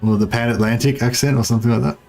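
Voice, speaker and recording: A man's voice: medium pitch, fairly even intonation, rapid-fire, vocal fry, darkish tone, soft background music. A man with an Australian accent chatting casually on a game livestream, rambling, swearing freely and often trailing off mid-thought. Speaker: game streamer. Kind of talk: casual livestream chat while playing.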